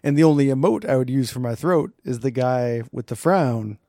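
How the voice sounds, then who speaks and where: A man doing Diamond Throat, gravelly and rhyming. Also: mid-range voice, expressive, normal speed, warm tone, no echo, clean studio sound, lightly acted. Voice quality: scratchy. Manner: rhymes in a sing-song patter.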